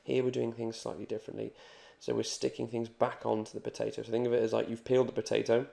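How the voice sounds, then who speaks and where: Male language tutor, flat even delivery, gruff fry, calm and jokey explanations. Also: mid-range voice. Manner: jokey, reassuring, repeats examples slowly. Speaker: Spanish teacher. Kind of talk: explaining grammar on a video lesson.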